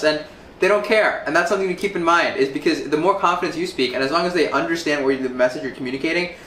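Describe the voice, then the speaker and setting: A man's voice: fairly high pitch, fairly bright tone, roomy sound, slight background noise, poor audio. A man, a public speaking coach, giving casual, conversational commentary on a client's speech. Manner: quick, conversational, with fillers and asides.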